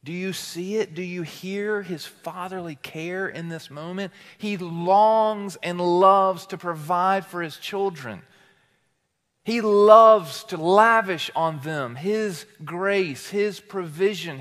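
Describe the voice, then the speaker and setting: A man's voice: high-pitched, slow, a bit bright, in a large hall. A man preaching a sermon as teaching pastor, building emphatic repeated phrases with passion.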